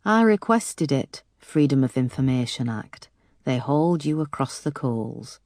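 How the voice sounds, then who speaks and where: A woman voicing an older Yorkshire father, kind and a bit gruff, speaking gently and consolingly in an audiobook. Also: a bass voice, very animated, unhurried, no room sound, studio quality, full character voice. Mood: gentle.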